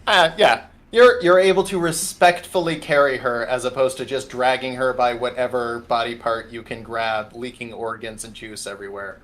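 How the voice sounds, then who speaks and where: A man's voice: medium pitch, steady tone, normal speed, few pauses, a bit bright. A man running a tabletop game as game master over an online call, narrating casually with many fillers. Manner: casual, rambling, full of fillers.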